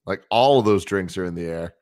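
A man's voice: low-pitched, fairly quick, darkish tone, dry recording, studio quality. A man co-hosting a podcast, laid-back and chatty, joking with his friends. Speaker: podcast co-host. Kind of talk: casual comedic chat.

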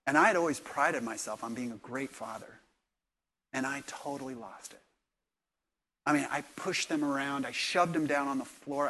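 A middle-aged man, a pastor, preaching a sermon and telling stories, swinging from hushed, quiet lines to loud, lively ones. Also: mid-range voice.

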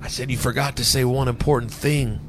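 A man doing an impression of a gruff middle-aged football coach, rambling and boasting in a folksy way. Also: medium pitch, fairly even intonation, brisk, background noise, lightly acted. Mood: rambling boastful.

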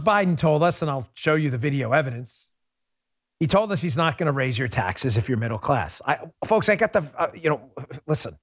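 A middle-aged man hosting a political talk show, delivering a casual, sarcastic commentary monologue with lots of quick asides. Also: on the high side, no room sound, clean studio sound. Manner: animated, sarcastic, rapid asides.

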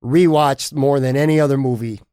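A man hosting a podcast who asks casual, drawn-out questions and laughs along with his guest. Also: mid-range voice, fairly even intonation, mellow, smooth, dry recording, clean studio sound. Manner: friendly, laughs along, lays out questions at length. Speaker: podcast host.

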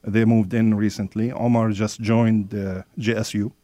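A man's voice: lowish voice, little pitch movement, normal speed, dark tone, no echo. A man from Jordan, chatting as a radio guest in slightly broken English, often laughing. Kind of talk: casual radio chat.

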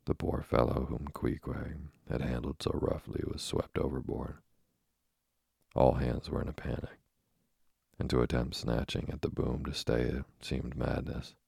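A man reading a classic sea novel aloud in a measured, dramatic storytelling manner. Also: extremely low pitch, little pitch movement, creaky, a little mellow, slightly rough, no echo, studio quality. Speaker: narrator.

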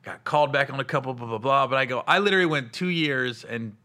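A man's voice: mid-range voice, quick pace. A man hosting a podcast, telling stories in a loose, laughing way and acting out quotes. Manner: laughing, animated retelling with quoted voices. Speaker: podcast host and comedian. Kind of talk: casual podcast chat.

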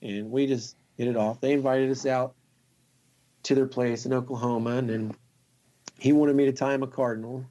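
Excitable man telling a rambling story. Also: mid-range voice, normal speed, dull audio. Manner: excited, rambling, laughs often. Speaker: guest fly tier. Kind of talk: casual storytelling chat.

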